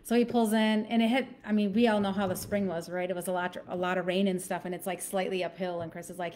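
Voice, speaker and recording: A woman casually telling a family story, animated and laughing, acting out the voices of the people in it. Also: on the low side, quick pace, hardly any pauses. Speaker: storyteller on a live stream.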